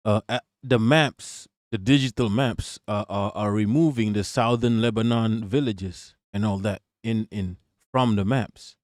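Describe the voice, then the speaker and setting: A man's voice: lowish voice, unhurried, no echo. Man, livestream host, slangy and profane, dry close sound. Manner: profane, slangy, shouts out chat. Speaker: livestream host reacting to a video. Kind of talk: casual livestream commentary.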